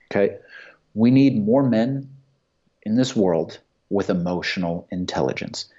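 A man's voice: fairly low pitch, a little mellow. A man talking bluntly and with heavy swearing in a casual opinionated chat. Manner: blunt, profane and emphatic. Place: Santa Monica. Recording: dull lo-fi sound.

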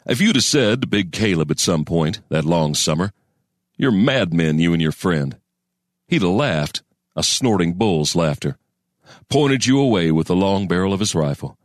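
A man narrating a western story in a folksy storyteller cadence with deliberate pauses. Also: low voice, big pitch swings, no room sound, clean studio sound. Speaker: audiobook narrator.

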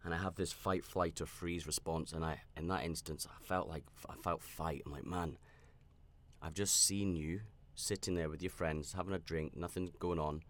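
The podcast host's low-pitched voice keeps a fairly even intonation at a normal speed. He tells a personal story in a candid, reflective, self-aware ramble, often restarting and using fillers.

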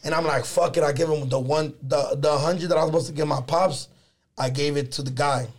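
A young man telling a story with loose, profane energy, his voice a touch higher than most men's. He mixes Spanish slang into casual chat and leans hard into his retelling. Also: fairly even intonation, fairly quick.

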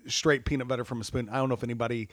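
A man's voice: medium pitch, very fast, no echo. Guy telling a goofy story on a podcast, laughs a lot, dry close sound. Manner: animated, laughs often, self-deprecating. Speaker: church staff guest. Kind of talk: casual storytelling chat.

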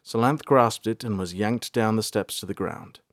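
A man's voice: lowish voice, dry recording, studio quality. Man narrating a fantasy audiobook. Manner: measured storytelling.

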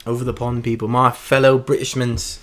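A man's voice: mid-range voice, flat delivery, brisk, a bit bright, lightly acted. A man putting on a mock British accent in an exaggerated, playful way.

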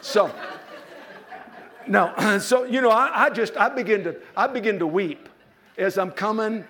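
A man's voice: sits high, unhurried, pushed and bright. A middle-aged man pastor preaching a sermon, telling a personal story with playful asides to his congregation. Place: church.

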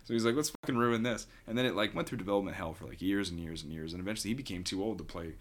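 Fast-talking man in casual banter. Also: deep voice. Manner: animated, swears often, acts out quotes in funny voices. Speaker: podcast guest. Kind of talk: casual podcast chat.

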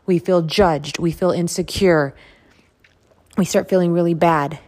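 Earnest low-voiced woman podcaster. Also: steady tone, a little slow, darkish tone. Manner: earnest, emphatic, repeats phrases for stress. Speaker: podcast host. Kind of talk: motivational self-help monologue.

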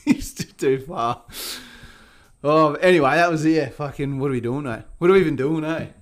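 A man co-hosting a casual sports podcast, swearing freely and telling stories in a lively, animated way. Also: on the high side, normal speed. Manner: swears a lot, animated storytelling with put-on quotes. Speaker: podcast co-host.

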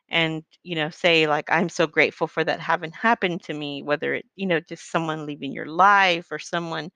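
A middle-aged woman speaks in a heartfelt, faith-based monologue, earnest and meandering with many fillers. Her voice sits a little low and sounds smooth and clear. The recording is close and dry, with no room sound. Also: pushed and bright, no echo.

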